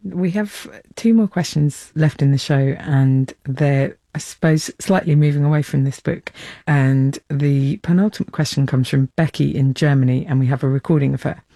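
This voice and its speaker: A calm woman hosts an interview, moving the talk along with short lines. Her voice is very low and mellow, and it sounds close and dry. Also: moderate pace, hardly any pauses, no echo. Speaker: host. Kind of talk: casual interview hosting.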